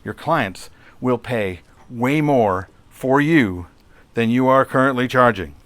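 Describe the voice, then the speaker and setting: A man's voice: medium pitch, lively intonation, slow pace, a bit bright, no room sound. A middle-aged man hosting a solo podcast, talking conversationally and telling a story with rhetorical questions. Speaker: podcast host.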